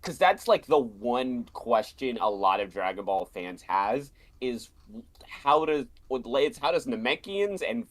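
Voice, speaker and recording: Animated man in excitable chat. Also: slow pace. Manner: excitable, jumps in pitch, laughs often. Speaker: streamer. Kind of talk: casual chat.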